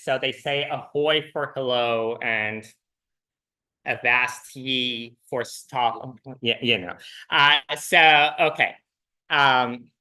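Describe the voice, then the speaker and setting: A man with a slightly high, clear, resonant voice lectures on programming to a university class in a lecture hall. He keeps it relaxed and loose, stumbling through many "uh"s and restarts.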